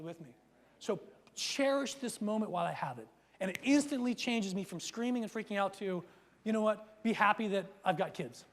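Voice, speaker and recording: A man coaching a live seminar audience, energetic, checking in with "right?" and acting out his stories loudly. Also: high voice. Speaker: workshop speaker and coach. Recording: long hall reverb.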